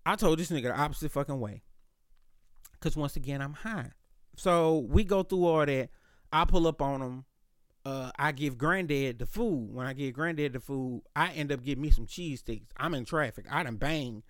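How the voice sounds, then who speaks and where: A podcast host telling a casual story in a loud, animated, slangy way, with plenty of cursing. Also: male voice, a little high, moderate pace, no room sound, clean studio sound.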